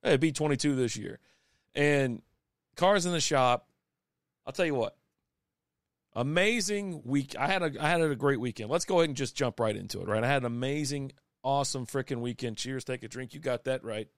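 A man's voice: mid-range voice, fairly quick, no echo, clean studio sound. A man, chatting casually and rambling with many restarts as a podcast host. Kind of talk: casual live-stream chat. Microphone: desk microphone.

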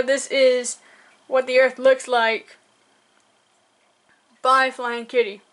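Young woman, fairly high voice, rambling, hiccupy, late-night reaction commentary. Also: flat delivery, measured pace, long pauses, fairly bright tone. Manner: rambling, lots of fillers and restarts. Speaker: reaction video host.

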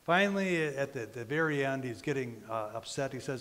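A man preaching a sermon as pastor, telling a story in a relaxed, conversational way with frequent fillers. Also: mid-range voice, brisk, hardly any pauses. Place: church. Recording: reverberant church hall.

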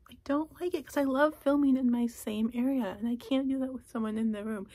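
A young woman vlogging in a casual chat from a closet at home, talking softly and often slipping into a whisper. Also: fairly high pitch, fairly even intonation, brisk. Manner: soft, often drops to a whisper.

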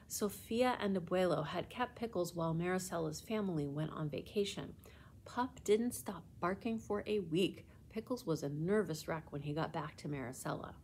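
Librarian narrator: a woman reading a children's chapter book aloud, gentle and clear. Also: on the low side, normal speed, slight background noise.

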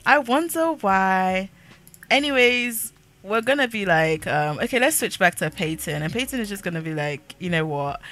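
Chatty young woman with a bright voice. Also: mid-range voice, expressive, normal speed. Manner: chatty, laughs often, narrates the characters' dialogue. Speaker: gaming YouTuber. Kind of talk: casual let's-play commentary.

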